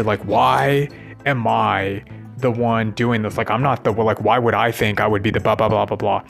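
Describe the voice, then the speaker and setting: A man's voice: medium pitch, creaky, fairly bright tone. A rambling, profane man venting. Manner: profane, ranting, keeps asking "right?". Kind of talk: rambling monologue.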